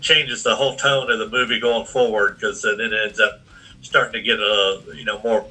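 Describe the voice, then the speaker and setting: A man's voice: fairly low pitch, steady tone, sharp tone, slightly rough, rough recording. A man who is a guest on a casual movie podcast, chiming in with short, agreeing remarks. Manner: short agreeing replies and quick interjections.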